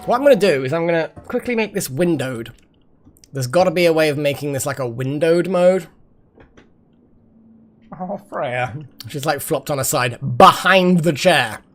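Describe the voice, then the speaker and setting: A man's voice: a little high, animated, moderate pace, long pauses, soft background music. A man chatting casually while streaming a game, rambling with asides and swearing. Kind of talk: casual live-stream chat while gaming.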